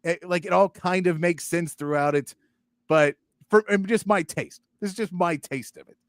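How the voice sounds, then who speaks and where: A male sports talk host chatting casually, animated and mocking, acting out lines as he goes. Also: high-pitched, moderate pace, no echo, clean studio sound. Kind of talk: casual chat.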